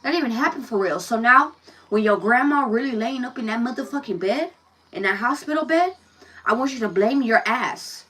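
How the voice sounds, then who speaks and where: Woman doing a chatty tarot reading, swears a lot, kinda high voice, sounds a bit far off the mic. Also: animated, fairly quick, fairly bright tone. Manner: blunt, profane, talks straight to the viewer. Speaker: tarot reader. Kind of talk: casual tarot reading with personal stories.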